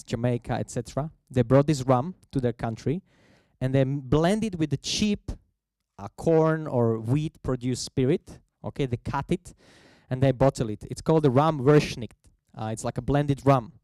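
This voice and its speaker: A man giving a festival talk on the history of coffee cocktails, telling it as a lively story in non-native English. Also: a little high, clean tone, dry recording. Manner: lively storyteller who acts out quoted voices.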